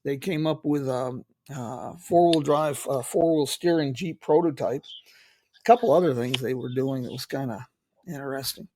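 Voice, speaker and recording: A middle-aged man hosting an interview, rambling with many pauses and restarts. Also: mid-range voice, darkish tone, a little hiss or hum. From United States. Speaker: host. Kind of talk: casual interview chat.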